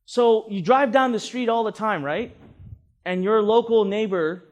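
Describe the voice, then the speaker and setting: A man's voice: sits high, measured pace, lo-fi sound. A man teaching a live seminar to an audience as a marketing instructor, emphatic and repeating words, often asking "right?".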